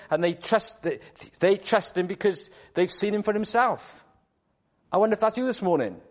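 A man delivers a church sermon, his voice sitting a little high for a man. He tells the story with drama, dropping to a hush and then rising loud. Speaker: preacher.

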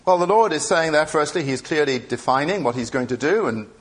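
A man's voice: on the high side, lively intonation, fairly quick. A man preaching a sermon in an earnest way, asking the listeners many rhetorical questions.

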